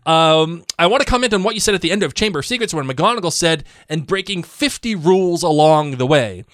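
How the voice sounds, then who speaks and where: A man's voice: fairly high pitch, fairly quick, no room sound, clean studio sound. A man co-hosting a podcast, chatting casually, reading listener emails aloud and joking often. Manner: joking, animated, laughs often. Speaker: podcast co-host.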